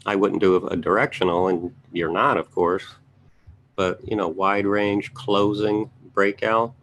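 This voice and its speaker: A man with a low, gravelly voice talks offhandedly through option trades, thinking aloud and tossing quick asides to viewers. A faint hum sits under the recording. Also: fairly even intonation, a bit bright. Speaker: trading educator reviewing charts. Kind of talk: casual live market commentary.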